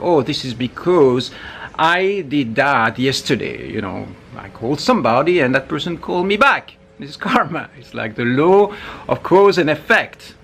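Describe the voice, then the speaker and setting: A man talking casually to camera as a spiritual teacher, animated, with frequent asides and restarts. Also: medium pitch, gravelly, slight background noise.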